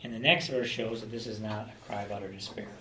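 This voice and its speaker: A man's voice: fairly low pitch, fairly even intonation, fast, sharp tone. A man leads a Bible study lecture, earnest and emphatic as he works through the text. His voice is caught from a distance in a roomy, echoing space. A faint hum of ambience sits behind him. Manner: earnest, emphatic expository teaching. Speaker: Bible teacher. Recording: echoey room, mic far off, faint ambience.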